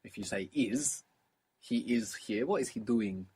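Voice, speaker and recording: Husky patient male language teacher. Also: fairly low pitch, a little mellow. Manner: patient, explanatory, repeats forms slowly. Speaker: language teacher on audio course. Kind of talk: recorded language lesson.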